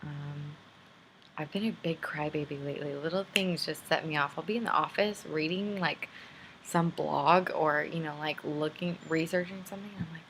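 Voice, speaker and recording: Young woman, twenties, low voice, candid rambling video letter, faint hiss. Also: fairly even intonation, moderate pace, fairly bright tone. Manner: rambling, candid and self-deprecating. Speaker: vlogger.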